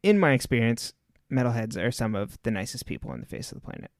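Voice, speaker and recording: A man's voice: medium pitch, very animated, quick pace, darkish tone, dry recording, studio quality. Laughing, rambling male podcast co-host. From Southern California. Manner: rambling anecdotes, laughs often. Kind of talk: casual chat recapping a TV episode.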